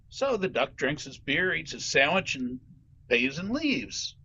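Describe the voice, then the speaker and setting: A man tells a joke at an online club meeting, slow and bright, with his pitch swinging widely. His voice comes through dull, lo-fi video call audio. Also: slight background noise. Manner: laughing, animated storytelling. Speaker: club member telling a joke.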